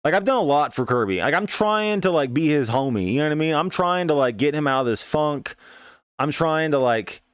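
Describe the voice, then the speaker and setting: This young man, a podcast host, talks a little fast in a smooth, somewhat high voice with lively intonation. His casual, profane story rambles along with asides and fillers like "you know what I mean," captured close on the mic with no room sound.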